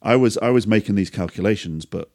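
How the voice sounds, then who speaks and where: A man with a fairly low voice, chatting casually as a podcast co-host. He swears freely, tells stories in a loose, anecdotal way and keeps slipping into quoting people. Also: a little fast, a little mellow, no echo, studio quality.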